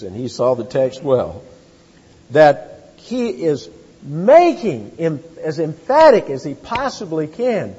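A man preaching from a church pulpit, his slightly husky voice sitting fairly high and swinging widely in pitch. He slows down to hammer home single words and climbs to loud repeated phrases. The recording is dull and lo-fi, with a long reverb trailing each phrase. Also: sing-song. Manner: emphatic, slows to stress key words, rising to loud repetitions. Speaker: pastor. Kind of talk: expository sermon. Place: church sanctuary.

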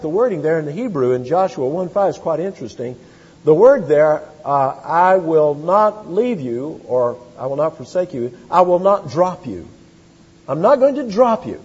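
A man preaching an expository sermon as pastor, emphatic, slowing down to stress key words and building to loud repeated phrases. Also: a little high, husky. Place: church sanctuary. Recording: lo-fi church hall recording with long reverb.

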